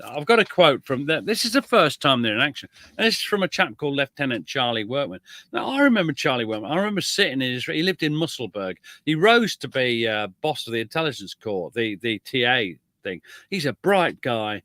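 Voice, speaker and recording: A British man, a guest author and historian, telling history in a lively conversational way with self-deprecating asides. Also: mid-range voice, a little fast, no room sound. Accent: British English. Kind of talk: animated conversational storytelling.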